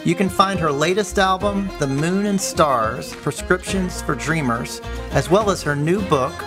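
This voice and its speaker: Polished male podcast host over guitar. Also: on the high side. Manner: polished, measured announcer delivery. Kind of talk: interview and scripted outro. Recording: music bed under voice.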